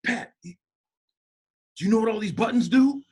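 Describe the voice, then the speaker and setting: A man voicing a nervous adult male friend, pleading in an alarmed, high voice. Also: normal speed, a little mellow, husky.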